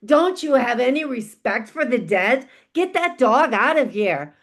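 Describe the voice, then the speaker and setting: A woman's voice: fairly high pitch, animated, measured pace. Woman doing a grumpy bossy dead man. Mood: grumbling. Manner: impatient, scolding.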